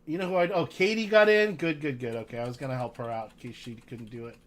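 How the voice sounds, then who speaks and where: A man's voice: mid-range voice, steady tone, fast, fairly bright tone. A man hosting a casual card-break livestream, chatting with viewers and reading their names aloud.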